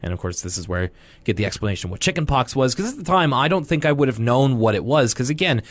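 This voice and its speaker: A young man on a casual podcast, recapping a cartoon with loose, joking tangents. His voice sits at a middle pitch and sounds close and dry, with no room around it. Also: quick pace, no room sound. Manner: rambling, joking, animated quoting. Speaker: podcast co-host.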